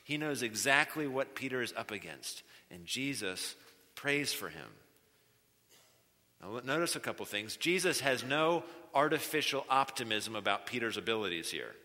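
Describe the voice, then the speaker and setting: A man's voice: medium pitch, sing-song, normal speed, bright, forceful tone. A man preaching a sermon as a guest speaker, earnest and emphatic, repeating key phrases and shifting his pace. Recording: long reverb of a large hall.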